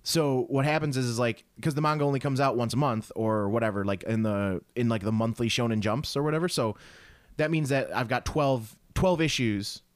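A man's voice: mid-range voice, fairly quick, no echo. A young man on a podcast, talking loosely with plenty of "like" and the odd curse. His voice sits mid-range and sounds close and dry, with no room around it. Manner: rambling, swears often, many fillers. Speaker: podcast co-host. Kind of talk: casual chat.

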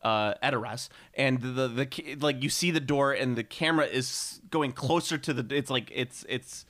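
Man, podcast co-host, rambling, laughs a lot, mid pitch. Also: moderate pace, a bit bright. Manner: rambling, laughs often, acts out movie lines. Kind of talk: casual chat about movies.

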